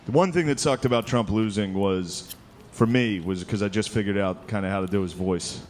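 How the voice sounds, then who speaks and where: A man's voice: on the low side, normal speed, a little mellow. A man performing a stand-up comedy set, telling stories in a loose, conversational way into a handheld mic at a large live venue. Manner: loose, conversational storytelling with frequent "dude" and "like". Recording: live stage recording with clear crowd noise. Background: audience laughter and room ambience.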